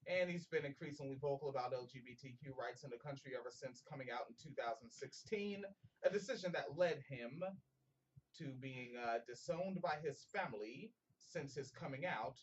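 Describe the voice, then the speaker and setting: A man's voice: medium pitch, moderate pace, slightly rough, recorded from a distance, highs cut off. A man hosting a casual comedic podcast, reading a news story aloud with many fillers and stumbles, and joking with profanity. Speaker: podcast host.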